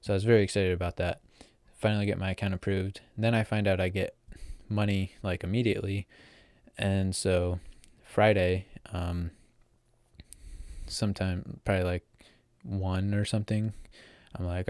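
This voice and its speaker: A deep-voiced teenage man tells his story in a loose, casual vlog style. He rambles, piles up fillers and corrects himself mid-sentence. The sound is dry and close, with no room around it. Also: flat delivery, moderate pace, darkish tone, clear, resonant tone, no echo. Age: teens. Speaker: vlogger.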